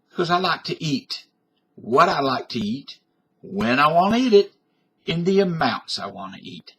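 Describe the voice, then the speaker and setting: A middle-aged man from Canada rants into his webcam, blustering and tough-talking, with plenty of cursing. His voice is husky and sits a little high for a man. He speaks slowly and deliberately, as a home-made comic performance. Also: sharp tone. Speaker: vlogger. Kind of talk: defiant comic rant to camera. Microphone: webcam microphone.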